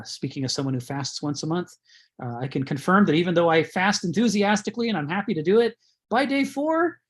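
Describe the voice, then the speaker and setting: Brief: breathy male lecturer, casual and digressive, lots of "you know". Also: high-pitched. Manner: rambling, chuckles often, many fillers. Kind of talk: conversational lecture.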